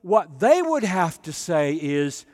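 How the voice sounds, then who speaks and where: Male preacher, high voice, slow deliberate delivery, earnest and emphatic, long hall reverb. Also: big pitch swings. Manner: earnest, emphatic, drops to soft low tones. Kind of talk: sermon.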